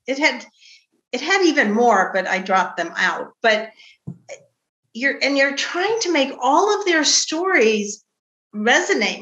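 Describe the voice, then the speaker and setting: A middle-aged woman novelist chats about her book in a bright, clear voice. She tells family stories with lively quoted voices. The sound is roomy and echoey, as from a video call. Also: high-pitched. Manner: animated storytelling, acts out quoted family voices. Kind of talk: casual book discussion.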